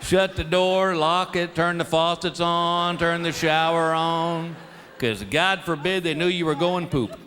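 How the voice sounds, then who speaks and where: A stand-up comedian with a slightly high, steady voice delivers his set unhurriedly over a noisy background. In a big theater, he tells folksy, exasperated stories, acting out himself and his wife, and the live show is filled with loud crowd laughter.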